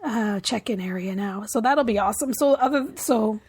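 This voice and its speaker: Chatty higher-voiced woman podcast co-host. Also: normal speed, a little mellow, breathy edge. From Canada. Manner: chatty, laughs often, trails off mid-sentence. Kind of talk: casual chat.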